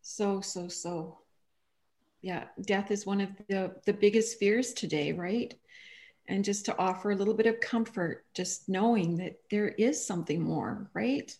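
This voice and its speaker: A woman, a guest author on an online radio show, telling personal stories in a casual, animated way and acting out the quoted voices. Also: mid-range voice, measured pace. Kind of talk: casual interview chat.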